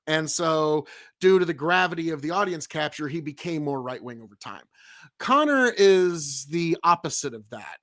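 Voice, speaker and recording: Guy streaming live, chatting off the cuff and reacting to chat, kinda high voice, rambles and repeats stuff for emphasis. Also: a bit bright.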